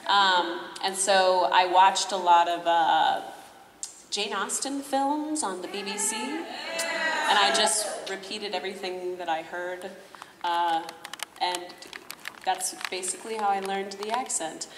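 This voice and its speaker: A woman's voice: mid-range voice, takes it slowly. A woman who is a voice actress and voice director, chatting and giggling on a convention panel. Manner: chatty, giggly, lots of fillers. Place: large convention hall. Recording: echoey hall from far off, faint noise.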